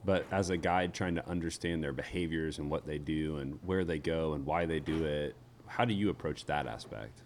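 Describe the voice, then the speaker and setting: Super deep voice guy asking questions, kinda halting, faint hiss. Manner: hesitant restarts when asking questions. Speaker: interviewer. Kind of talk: casual interview questions.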